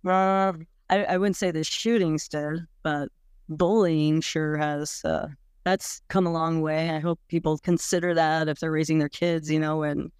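Frank woman with a smooth, dry voice. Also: low voice, steady tone, unhurried, darkish tone, no echo. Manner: frank, casual, many "like"s, swears bluntly. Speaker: interviewee. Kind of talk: candid personal recollection.

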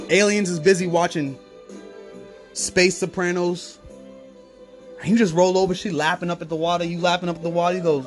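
A man's voice: high-pitched, a little fast, faint music behind. A man hosting a podcast in a loose, rambling comedic monologue. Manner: animated storytelling with voiced bits, loose and rambling. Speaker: podcast host.

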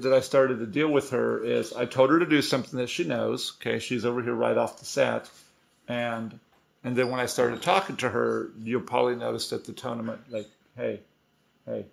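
A man with a gravelly, mid-pitched voice explains dog training in an easygoing way. His talk is loose and conversational, full of restarts and asides. He sounds like a trainer coaching owners. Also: brisk. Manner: relaxed, conversational, many restarts. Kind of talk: casual instructional talk.

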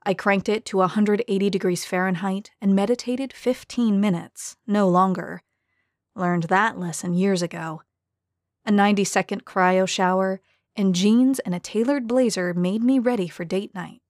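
A woman narrating a first-person story in a measured, even storytelling manner. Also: mid-range voice, no room sound, clean studio sound. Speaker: audiobook narrator.

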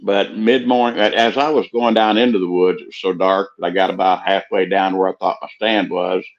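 Deep-voiced older man, dull lo-fi sound. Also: fairly even intonation. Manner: slow, measured, halting. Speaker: guest. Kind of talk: casual storytelling.

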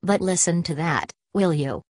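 A woman reading the part of a folksy frontier dog musher in an audiobook of a classic novel, drawling his plain speech in a low, slow voice. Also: lively intonation, darkish tone, no echo. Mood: hushed.

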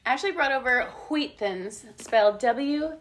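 A woman in her late thirties chats and reads from an old diary, her voice swinging widely up and down as she giggles and spells words out letter by letter. A slightly raised pitch gives her an animated edge, with faint background noise behind her. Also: measured pace. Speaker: podcast host. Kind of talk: casual chat, reading old diary aloud.

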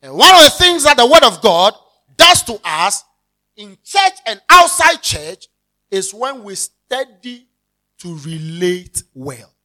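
A pastor with a Ghanaian accent preaching a sermon, animated, mixing English with Twi and acting out everyday scenes, now and then shouting for emphasis. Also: medium pitch, takes it slowly.

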